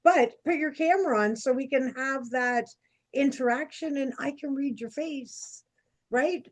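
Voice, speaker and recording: A woman, co-hosting a casual chat and telling stories in a chatty, animated way. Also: high-pitched, measured pace. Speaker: podcast co-host.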